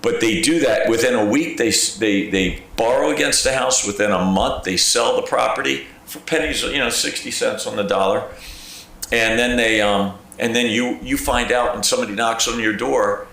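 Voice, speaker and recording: A man's voice: medium pitch, normal speed, vocal fry. A man, a county clerk of court, giving a presentation to a village council, telling stories and acting out phone calls in a conversational, emphatic way. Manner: animated storyteller, acts out phone calls and quotes; conversational, repeats "okay?" for emphasis. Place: council chamber. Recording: very echoey council chamber.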